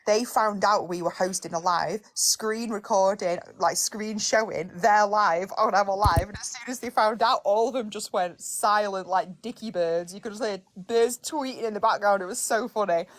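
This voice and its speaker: A woman, a livestream guest, retelling online drama in a rapid, gossipy way. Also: medium pitch. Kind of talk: animated storytelling chat.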